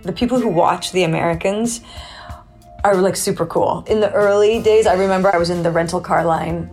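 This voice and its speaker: A woman with a lowish voice tells a guest anecdote, clearly amused by it. Faint music plays under her voice. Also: a little fast, darkish tone. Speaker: guest actress. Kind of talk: casual interview chat.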